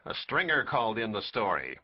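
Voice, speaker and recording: A man's voice: lowish voice, huge pitch swings, fairly quick, muffled recording, voice pushed down. A man voicing an impatient, peremptory big-city newspaper editor. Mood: curt impatient. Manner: peremptory, brusque.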